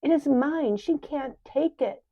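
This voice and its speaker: A woman's voice: on the high side, unhurried, voice pushed up, lightly acted. A woman voicing a frightened young girl who pleads in a raised, anxious voice. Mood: desperate. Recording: dull lo-fi recording.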